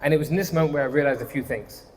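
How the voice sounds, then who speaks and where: A man's voice: on the high side, racing. A man, a men's coach, telling a personal story on stage in an earnest, confessional way, often restarting his sentences. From London, England. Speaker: men's coach and motivational speaker. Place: live event venue. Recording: hall reverb, faint background noise.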